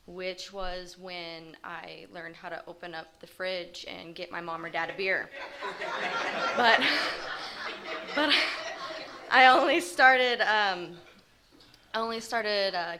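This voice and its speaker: Woman with a bright, lowish voice sharing testimony. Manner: halting and hesitant, with frequent pauses. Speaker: recovery group member sharing her story. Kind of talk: personal testimony.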